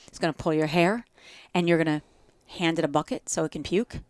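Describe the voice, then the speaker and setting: A woman's voice: deep voice, a little fast, dry recording. Earnest woman with a New Jersey accent. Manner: earnest, builds lists of short repeated phrases. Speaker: guest yoga teacher. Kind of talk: reflective podcast conversation.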